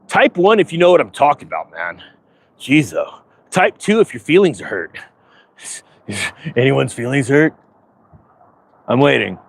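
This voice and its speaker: A man's voice: mid-range voice, big pitch swings, unhurried, gravelly, long pauses, slight background noise. A man playing a smug, self-important financial advisor persona, talking sarcastically and rambling to camera outdoors. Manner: sarcastic, boastful, rambling with asides. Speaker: finance vlogger. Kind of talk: comedic persona monologue to camera. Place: outdoors in front of a big-box store.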